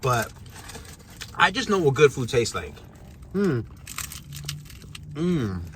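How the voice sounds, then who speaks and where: A man from Chicago, eating pizza and chatting casually in a mukbang vlog, with a relaxed, chatty manner. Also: mid-range voice, slow, slight background noise. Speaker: vlogger. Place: parked truck.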